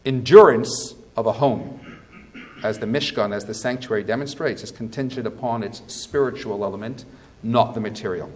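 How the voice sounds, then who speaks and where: Rabbi preaching with rhetorical questions. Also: male voice, fairly low pitch, moderate pace. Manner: swings between quiet and loud. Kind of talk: sermon.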